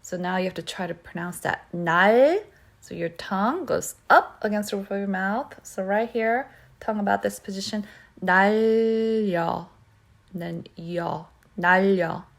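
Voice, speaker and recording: A woman teaching pronunciation who repeats words slowly and keeps checking in with "okay?". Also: medium pitch, gravelly. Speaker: Korean language teacher. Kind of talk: pronunciation lesson.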